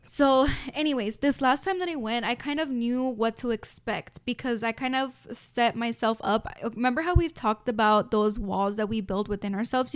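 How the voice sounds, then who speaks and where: A woman's voice: a little high, no echo, clean studio sound. A young adult woman with a Mexican American accent hosting a podcast, talking heartfelt and reflective to her listeners, choked up with emotion. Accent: Mexican American English with Spanish mixed in. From United States. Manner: heartfelt, talks straight to listeners as "you guys". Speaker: podcast host. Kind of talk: reflective casual monologue.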